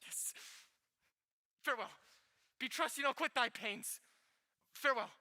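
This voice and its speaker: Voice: high voice, unhurried, sharp tone, heavily acted. A young stage actor playing an earnest young man in love in a school play. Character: ardent young lover, man. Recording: school hall reverb.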